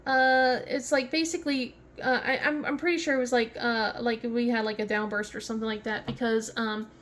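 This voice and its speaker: This craft vlogger's voice is a little high and fairly bright, with a steady tone and a fairly quick pace. She's a Southern American woman from southern West Virginia, chatting casually and rambling, full of fillers, restarts and laughter.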